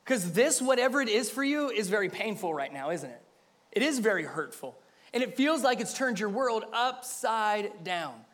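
Male pastor, high-pitched, earnest emphatic sermon delivery with repeated phrases. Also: expressive, normal speed, a bit bright. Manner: earnest, speaks directly to the listeners.

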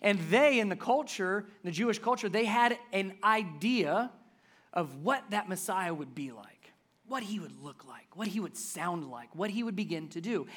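Here is a pastor preaching a sermon in a mid-pitched voice that is neither high nor low. The delivery is conversational and emphatic. Loud, stressed words give way to quiet, dropped-down asides. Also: animated, normal speed.

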